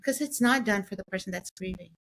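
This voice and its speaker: A woman's voice: mid-range voice, quick pace, a bit bright. A woman in a podcast conversation who speaks in an earnest, heartfelt way and lifts her voice when she quotes others.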